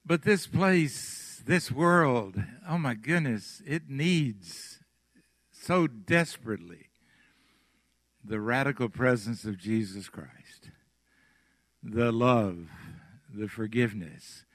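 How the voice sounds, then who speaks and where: Southern man preaching, slow and deliberate, bright clear voice, dry close sound, emphatic pauses. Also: mid-range voice, expressive, no room sound. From Mississippi. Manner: slow, emphatic preaching with soft trailing phrases and dramatic pauses. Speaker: pastor. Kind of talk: sermon.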